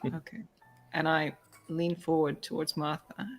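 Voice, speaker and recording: Man, player, gravelly voice, measured delivery, faint music behind. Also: a little high, flat delivery, low-quality recording.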